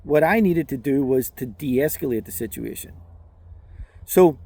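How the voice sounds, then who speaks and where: A middle-aged man hosting a channel, telling a personal story in a casual monologue, halting with frequent restarts and fillers. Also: mid-range voice, expressive, gravelly, dark tone. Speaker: channel host.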